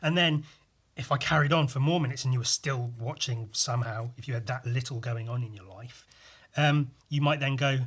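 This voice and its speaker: A young man hosts a solo podcast, rambling in a meandering way full of fillers and swearing. His voice is mid-range and a bit bright, and he talks fairly quickly.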